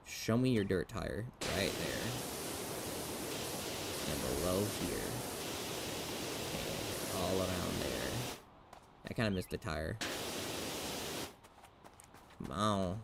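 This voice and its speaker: A young man streaming a game, muttering to himself, swearing casually and jumping into squeaky outbursts. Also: gravelly. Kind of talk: casual gameplay commentary. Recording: steady background hiss.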